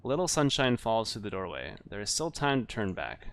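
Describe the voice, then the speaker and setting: A man's voice: on the low side, very animated, a little fast, a bit bright. A man playing through a text adventure, chatting casually and reading the game's narration aloud with asides. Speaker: game streamer.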